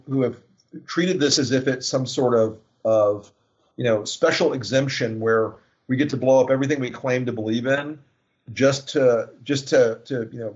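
Man, guest, sardonic, halting false starts, dull lo-fi recording. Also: mid-range voice. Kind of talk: casual political discussion. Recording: dull lo-fi sound.

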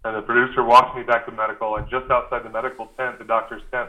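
A man as a guest, telling a story in a casual, animated way and acting out the dialogue, with frequent "uh" fillers. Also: mid-range voice, fast, highs cut off. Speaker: guest recalling a reality show.

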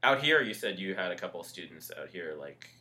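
A man's voice: low-pitched, very animated, fast talker, sharp tone. A man hosting a podcast, asking follow-up questions in casual chat and laughing easily. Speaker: podcast host.

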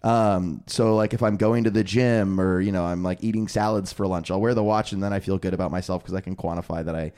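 A man's voice: deep voice, fairly even intonation, fast, few pauses, darkish tone, smooth. A young man co-hosting a podcast, chatting casually and laughing often at himself as he tells stories. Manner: laughs often, self-deprecating storyteller. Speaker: podcast co-host. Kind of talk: casual chat.

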